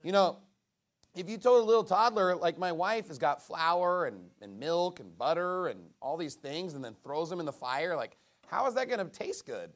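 A man delivers a sermon in a notably high-pitched voice. He is emphatic, surging into loud, forceful bursts, then dropping to low, quiet stretches. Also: lively intonation, moderate pace. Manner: emphatic, swings between booming and hushed. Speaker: preacher.

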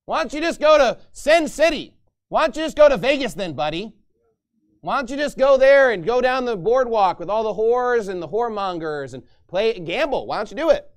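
Man doing a sarcastic, taunting male deity; loud and mocking. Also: very high voice, big pitch swings, fairly quick, voice pushed up.

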